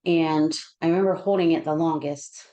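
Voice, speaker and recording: With a low, steady, mellow voice, this woman is a counselor telling listeners something personal. She's on the verge of tears, and her heartfelt delivery keeps stopping and starting over.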